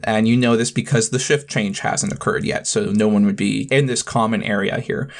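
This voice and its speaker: A man running a tabletop role-playing game, narrating scenes in a relaxed, descriptive way. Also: mid-range voice. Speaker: game master.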